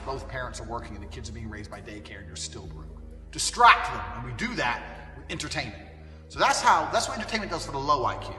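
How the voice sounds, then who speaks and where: A man's voice: mid-range voice, sharp tone, far from the mic. A man delivering a blunt, profane, emphatic monologue. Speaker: speaker giving a self-help rant. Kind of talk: ranting monologue. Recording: echoey hall, voice from afar, faint music.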